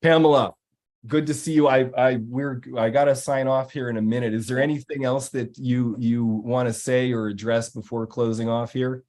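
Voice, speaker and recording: A man's voice: medium pitch, fairly even intonation, moderate pace, darkish tone. An executive coach, a man, telling a story to viewers in a loose, rambling way with many fillers and restarts. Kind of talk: casual live-stream talk answering viewers.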